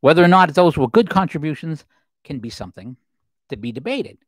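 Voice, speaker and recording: A man's voice: a little high, big pitch swings, a little fast, dry recording, low-quality recording. A man in his fifties hosting a solo livestream, talking through political commentary in a rambling, conversational way with restarts and asides. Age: 50s. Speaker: livestream host.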